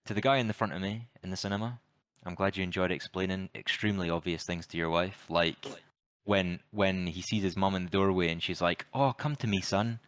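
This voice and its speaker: A man's voice: deep voice, steady tone, fairly quick, a bit bright, no echo. A man co-hosting a podcast, giving wry, opinionated film opinions with dry sarcastic jokes. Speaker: podcast co-host. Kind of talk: casual film review chat.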